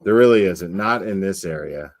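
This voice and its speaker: A man hosting a casual livestream from his home studio, relaxed and chatty, filling his talk with "like" and laughing easily. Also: deep voice, normal speed. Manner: laid-back, says "like" often, talks baby-talk to his dog. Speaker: livestream host.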